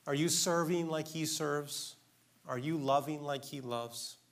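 A man's voice: a little high, unhurried. A man preaching a sermon in an earnest, emphatic way, asking his listeners direct questions.

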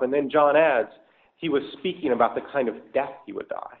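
A man's voice: medium pitch, normal speed. A man preaching a sermon, laying out numbered points and explaining each one, lifting his voice when he stresses a point. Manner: structured, explanatory, rises for emphasis. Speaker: pastor. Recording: tinny phone-like audio.

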